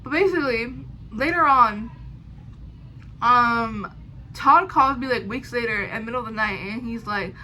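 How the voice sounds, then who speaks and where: Bright high-voiced young woman rambling. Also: a little hiss or hum, rough recording. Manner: rambling, animated, quotes people in quick asides. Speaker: storyteller vlogger. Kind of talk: casual storytime monologue.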